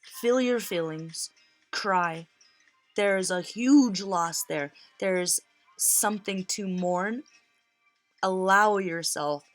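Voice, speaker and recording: A woman's voice: mid-range voice, drawn-out words, dry recording, soft background music. A woman giving a tarot reading in an earnest, emotional way, close to tears. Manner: earnest, emotional, repeats phrases for emphasis. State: near tears. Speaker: tarot reader.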